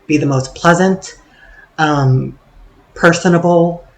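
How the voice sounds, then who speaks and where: A man's voice: on the high side, slow pace, low-quality recording. A man talking in a casual vlog monologue, sarcastic and swearing freely, rambling with plenty of fillers. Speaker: vlogger.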